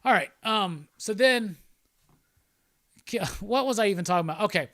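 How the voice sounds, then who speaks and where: A man's voice: high voice, animated, normal speed, a bit bright, no room sound, clean studio sound. Rambling, profane male streamer. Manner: rambling and profane, with frequent laughs. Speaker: host. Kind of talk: casual livestream chat.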